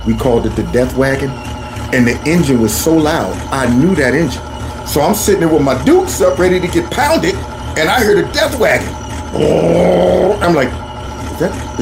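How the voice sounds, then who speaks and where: A man telling a comic story in an animated way, speaking straight to his audience. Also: medium pitch, noisy background. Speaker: comedic storyteller. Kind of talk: comedic storytelling.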